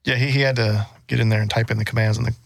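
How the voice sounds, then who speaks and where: A man in a casual discussion who jokes and chimes in with quick remarks. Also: fairly low pitch, fairly even intonation, vocal fry, no echo. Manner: joking, quick interjections.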